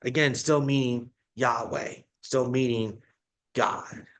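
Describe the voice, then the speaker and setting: A man's voice: mid-range voice, animated, takes it slowly, a bit bright. A male pastor delivering a sermon, explaining a Bible passage in a teaching manner with frequent restarts.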